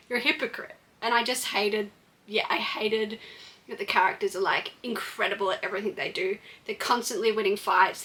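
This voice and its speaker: A woman's voice: on the high side, bright, forceful tone. A woman giving a blunt, chatty book review with frequent fillers and restarts. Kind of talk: casual book review vlog.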